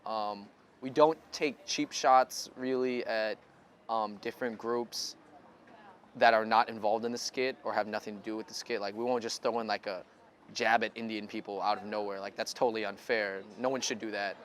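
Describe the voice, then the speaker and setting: A man's voice: on the low side, steady tone, moderate pace. A man speaking frankly and easily in a casual interview, using casual slang.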